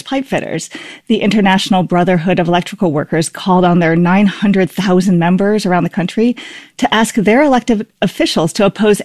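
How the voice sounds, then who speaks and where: A woman's voice: medium pitch, darkish tone, no echo. Woman reporter explaining a story. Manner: explanatory, conversational. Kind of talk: reporter's two-way conversation. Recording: dry studio sound.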